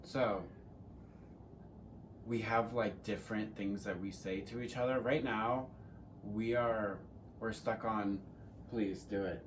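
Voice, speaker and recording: A man's voice: fairly low pitch, fairly even intonation, slow, long pauses, far from the mic, a little hiss or hum. A teenage man co-hosting a casual Q&A chat, rambling and joking with some swearing. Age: teens. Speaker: co-host.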